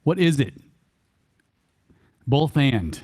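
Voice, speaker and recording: A man with a Texan accent giving a church workshop talk, animated and folksy, chuckling often and repeating key phrases for emphasis. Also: mid-range voice, extremely slow. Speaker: workshop speaker. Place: church hall.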